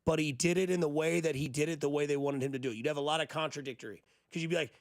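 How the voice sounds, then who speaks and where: A man hosting a morning sports talk radio show, riffing in an animated way and teasing his listeners, on a studio mic. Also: on the high side, rapid-fire, hardly any pauses, no echo.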